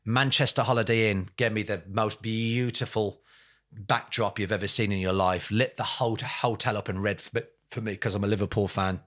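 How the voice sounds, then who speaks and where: A man's voice: on the low side, fairly even intonation, normal speed, fairly bright tone. A man being interviewed, telling a story with passion, building to angry emphasis, swearing bluntly, repeating phrases and calling the host mate. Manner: speaks in lists and repeated phrases, says mate often. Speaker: podcast guest.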